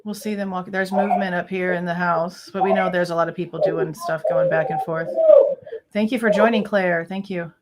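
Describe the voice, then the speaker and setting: A woman's voice: fairly low pitch, fairly even intonation, fairly quick, heavy background noise. A young woman reacting live to true crime footage on a stream, casual and swearing often while she talks to her chat.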